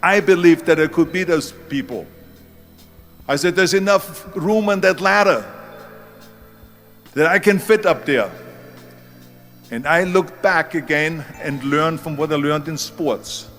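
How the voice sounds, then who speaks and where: A man's voice: fairly high pitch, a little slow, long pauses, a bit bright, soft background music. Emphatic older man with a German accent. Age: 70s. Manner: emphatic storytelling, leans hard on key words. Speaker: speaker. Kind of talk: motivational speech.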